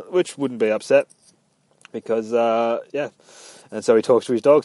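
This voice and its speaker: A man's voice: medium pitch, fairly even intonation, normal speed, mellow, dry recording. A young man casually retelling a game's story in a rambling, profane way, slipping into quoted voices. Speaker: gamer recapping a story.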